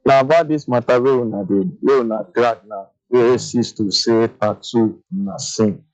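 A man's voice: mid-range voice, normal speed, darkish tone. Emphatic Nigerian Pidgin male caller. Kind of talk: phone-in opinion. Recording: dull lo-fi.

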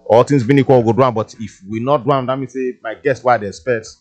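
A man's voice: medium pitch, fairly even intonation, fast talker, darkish tone, soft background music. A man with a Nigerian Pidgin English accent, hosting a casual radio show in a studio, chatty and playful, with many fillers. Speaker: radio DJ host. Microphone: studio mic.

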